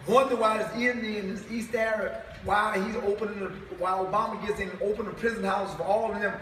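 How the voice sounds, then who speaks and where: A man's voice: high voice, steady tone, brisk, fairly bright tone, slight background noise. A man preaching to a live congregation, emphatic and firing rhetorical questions at the crowd. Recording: echoey hall, far from mic.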